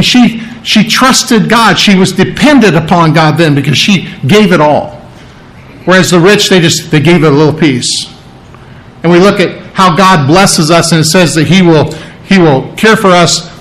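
Male preacher, conversational sermon, chatty, slightly high voice, mimics sounds. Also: poor audio. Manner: chatty, mimics coin sounds, checks in with the listeners.

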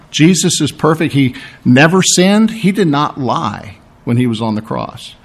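A man preaching a sermon, teaching through a Bible passage. His voice is strained, he clears his throat often, and he keeps checking in with "okay?" and "all right?". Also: fairly high pitch. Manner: explanatory, asks "okay?" and "all right?" for agreement. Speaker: pastor.

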